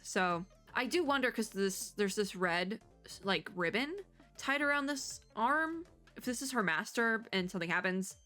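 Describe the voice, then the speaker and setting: Vtuber girl reading a game story, giggly n sarcastic, bright voice. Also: mid-range voice. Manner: chatty, giggly, playfully sarcastic.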